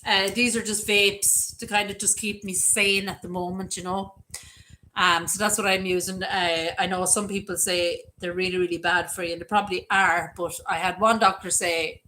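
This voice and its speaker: Chatty Irish woman with a bright voice. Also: mid-range voice, level tone, moderate pace, rough recording. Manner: chatty, rambling storyteller. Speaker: livestream host. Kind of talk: casual livestream chat reading comments.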